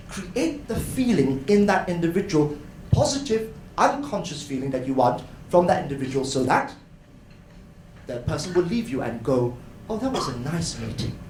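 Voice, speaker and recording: A man giving an animated educational talk at a conference, often addressing the crowd as ladies and gentlemen. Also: on the high side. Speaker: conference speaker. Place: hotel conference hall. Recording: echoey hall, faint noise.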